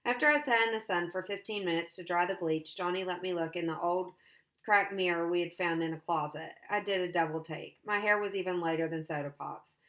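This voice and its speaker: A woman teacher reading a novel aloud to her class. Her reading is steady and plain, and her voice sits a little low. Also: fairly quick.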